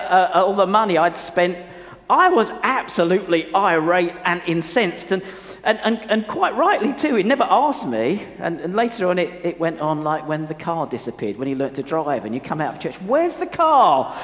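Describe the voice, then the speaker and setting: An older pastor preaching in a high, lively voice that climbs and drops all over its range. His sermon is earnest and full of personal stories, delivered with restarts. The sound carries a long reverb, as if from a church hall. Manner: earnest, storytelling, with frequent restarts.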